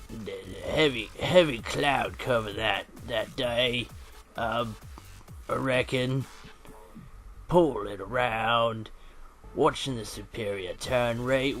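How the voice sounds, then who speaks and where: Give me a man playing a slow-talking, cheeky old British fighter pilot yarning about a sortie. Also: medium pitch, fairly bright tone. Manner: slangy old-timey British pilot banter. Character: cheeky veteran male WWII fighter pilot. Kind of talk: role-play narration over flight game footage. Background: faint electronic music.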